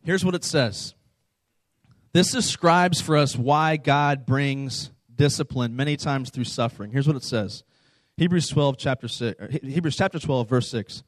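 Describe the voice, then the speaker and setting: A man's voice: mid-range voice, measured pace, no echo. A man preaching a sermon to a young audience in a conversational, informal way, often asking them questions. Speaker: preacher speaking to a youth camp audience.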